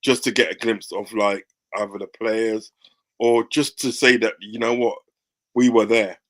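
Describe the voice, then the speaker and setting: Low-voiced guy hyped about football, keeps saying do you know what i mean. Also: fairly even intonation, measured pace, fairly bright tone. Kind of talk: casual football chat.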